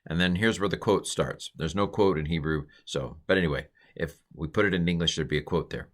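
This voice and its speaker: A man's voice: sits low, fairly quick. A man giving an informal Hebrew grammar lesson, explaining step by step with chatty, playful asides. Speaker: Hebrew teacher.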